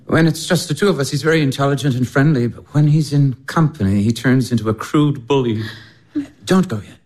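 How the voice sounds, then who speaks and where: A man's voice: medium pitch, brisk, natural voice. A man playing an earnest lovestruck young baron. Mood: tender. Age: 20s. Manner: earnest, gentle.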